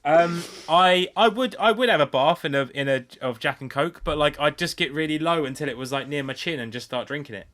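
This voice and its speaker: Cheeky podcast guy, bit high, bright edgy tone, crude jokes. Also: brisk, hardly any pauses. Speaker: podcast co-host. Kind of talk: casual chat. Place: remote recording, apart from co-host.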